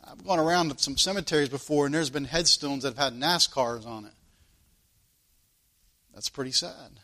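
A man's voice: mid-range voice, normal speed, bright, forceful tone. A man preaching a sermon in an earnest, questioning way, often repeating his phrases.

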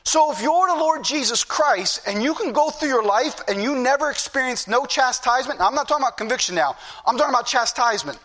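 A man's voice: extremely high pitch, expressive, fast, few pauses, pushed and bright. A middle-aged man preaching a fervent sermon, repeating phrases for emphasis.

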